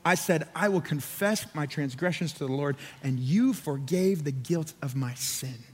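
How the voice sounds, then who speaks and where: Male pastor, fervent preaching, slightly high voice, long church-hall echo. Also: moderate pace. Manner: fervent, urging, repeats phrases. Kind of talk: sermon. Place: church auditorium.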